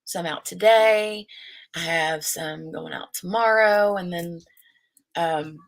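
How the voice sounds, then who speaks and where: A woman's voice: on the low side, slow pace, gravelly, low-quality recording. A woman hosting a casual crafting live stream from home, rambling and chatty, restarting her thoughts as she goes. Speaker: crafting channel host. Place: at home, seated in her chair. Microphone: desk microphone.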